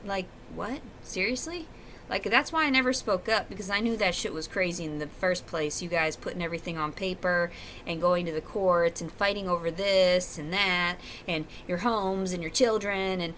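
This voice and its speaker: A woman's voice: mid-range voice, a bit bright, slight background noise. A woman talking to camera at home in a rambling, profane, confessional monologue. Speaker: vlogger. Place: at home, indoors.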